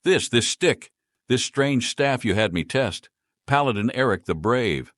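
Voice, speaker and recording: A man voicing an agitated young woman mage who yells and growls in a raised voice. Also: sits low, animated, normal speed, dry recording, clean studio sound. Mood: furious. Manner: yelling, agitated. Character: furious young woman mage, shrill temper.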